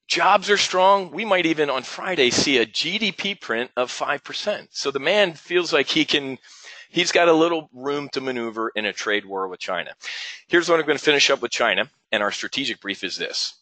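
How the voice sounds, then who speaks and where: Trading guy on a webinar, animated rant, slangy, bright voice, dead dry room. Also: on the high side, normal speed, no echo. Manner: animated, ranting, rhetorical questions, slangy asides. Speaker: options trading webinar host. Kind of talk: opinionated market commentary.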